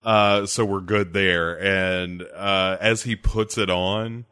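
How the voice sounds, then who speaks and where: A man's voice: low voice, fairly even intonation, slow, bright, forceful tone, smooth. A man co-hosting a podcast, recapping a show in casual, joking chat. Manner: joking, laughs often, trails off. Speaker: podcast co-host.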